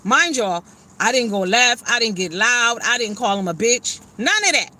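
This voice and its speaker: A woman's voice: a little high, animated, moderate pace, sharp tone. A woman hosting a livestream, ranting bluntly with plenty of swearing and greeting viewers by name. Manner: blunt, profane, fired-up. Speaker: livestream host. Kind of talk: livestream chat and rant.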